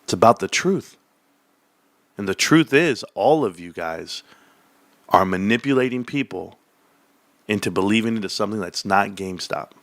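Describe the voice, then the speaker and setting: A man's voice: lowish voice, expressive, normal speed, pauses often, dry recording. A man hosting his own stock market stream, giving brash, combative and profane commentary.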